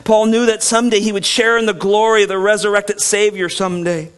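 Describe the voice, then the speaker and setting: A pastor preaching a sermon in an earnest way, dropping soft and slow, then rising loud and emphatic. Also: male voice, high voice, little pitch movement, clean tone.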